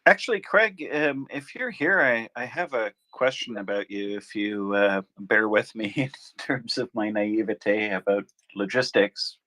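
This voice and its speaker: A man hosting a casual online chat, asking questions hesitantly with many pauses to find his words. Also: fairly low pitch, lively intonation, bright, forceful tone, no room sound, poor audio.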